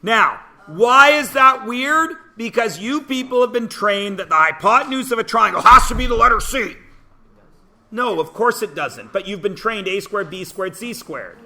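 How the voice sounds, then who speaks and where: A man's voice: sits high, expressive, normal speed, few pauses, sharp tone. A man teaching math to a class, playful and sarcastic, quizzing his students as he goes. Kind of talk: classroom lecture.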